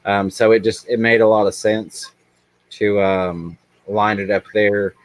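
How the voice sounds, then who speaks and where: A man's voice: lowish voice, flat delivery, a little slow. A man hosting a casual livestream, reading chat aloud and rambling with many ums. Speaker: livestream host.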